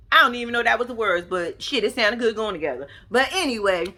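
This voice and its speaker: A woman giving a profane, sassy, animated recap commentary. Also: a little high, quick pace, few pauses, slightly rough. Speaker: reality TV recap vlogger. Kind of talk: casual commentary.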